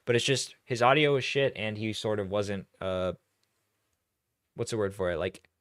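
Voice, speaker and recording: A man's voice: on the low side, moderate pace, fairly bright tone, no echo, clean studio sound. A young man giving casual reaction commentary as a streamer, rambling and correcting himself as he goes. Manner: rambling, self-correcting, laughs between points.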